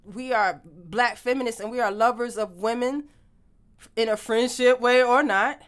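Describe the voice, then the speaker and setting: A woman's voice: a little high, normal speed, clear, resonant tone. A woman in casual chat, talking emphatically and animatedly, swearing freely.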